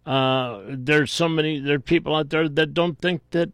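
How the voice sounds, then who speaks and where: A man hosting a call-in radio show, talking bluntly with many restarts and quick bursts. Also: on the high side, fairly even intonation, a bit bright, dry recording, studio quality. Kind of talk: talk radio chat.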